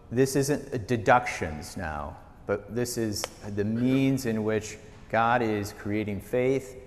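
A male pastor leads a Bible study in a relaxed, story-filled way, his pitch rising and falling freely. His medium voice carries a long, echoing hall reverb. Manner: conversational storytelling, lively pitch.

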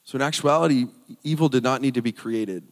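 A man's voice: mid-range voice, brisk. Preaching man in a reverberant hall. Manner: earnest, repeats phrases for emphasis, reads scripture aloud. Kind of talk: sermon.

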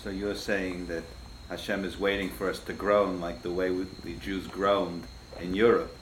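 Deep flat-voiced male interviewer. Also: a little hiss or hum. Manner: measured, probing questions. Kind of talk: interview questions. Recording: roomy echoing room.

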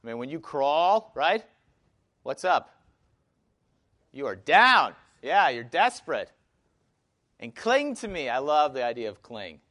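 A man's voice: on the high side, sing-song, takes it slowly, pauses often, bright, forceful tone. Wisconsin man teaching a Bible class. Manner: conversational, many fillers and restarts, asks the class questions.

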